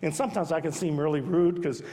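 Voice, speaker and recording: A man preaching a sermon as pastor, emphatic, swinging between loud urging and soft hushed repetition. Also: fairly high pitch, steady tone, fast. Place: church sanctuary. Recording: long hall reverb.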